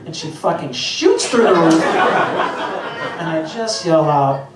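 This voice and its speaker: A man's voice: on the high side, lively intonation, slow, long pauses, crowd noise. A middle-aged man doing a stand-up routine on stage, telling self-mocking stories and swearing freely. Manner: profane, self-mocking storytelling. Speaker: stand-up comedian. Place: stage before a live audience. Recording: echoey venue, voice heard from a distance, loud ambience.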